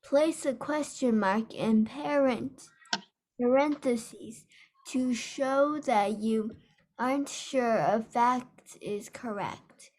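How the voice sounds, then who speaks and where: Slow, careful woman reading aloud. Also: on the high side, darkish tone. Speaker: student.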